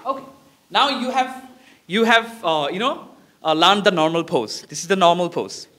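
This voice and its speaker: Encouraging Bangladeshi-accented male teacher, high voice. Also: animated, normal speed, a bit bright. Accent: Bangladeshi English. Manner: encouraging, repetitive, demonstrates poses while talking. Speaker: English teacher. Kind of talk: classroom lesson on presentation skills.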